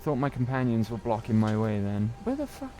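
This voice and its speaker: A man's voice: medium pitch, huge pitch swings, fairly quick, warm tone. A young British man streaming a game, chatting in a rambling way and often tagging on "right?". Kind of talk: casual gaming chat.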